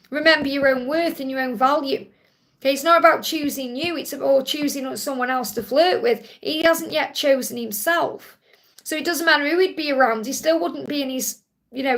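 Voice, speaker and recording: A woman running a live tarot reading stream answers viewers' questions, addressing them directly in a reassuring, affectionate manner. Her voice sits high and sounds a bit bright.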